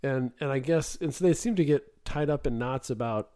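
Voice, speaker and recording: A man's voice: mid-range voice, moderate pace, warm tone, clear, resonant tone. A man co-hosting a casual podcast, teasing his partner and wandering off into rambling asides. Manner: joking, teasing, rambling digressions. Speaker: podcast co-host.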